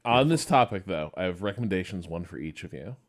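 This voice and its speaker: Low-voiced man, rambling book chat. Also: expressive, fast. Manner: curious, rambling, full of fillers. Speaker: podcast co-host. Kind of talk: casual chat.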